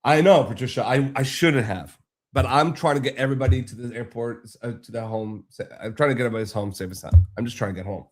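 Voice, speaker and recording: A man's voice: medium pitch, fast talker. A man casually telling a long, frustrated story on a live stream, rambling and swearing freely.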